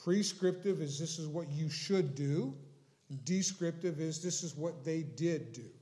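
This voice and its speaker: A man preaching a sermon in a slow, deliberate way, leaning on key words. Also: on the high side, a little mellow. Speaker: pastor.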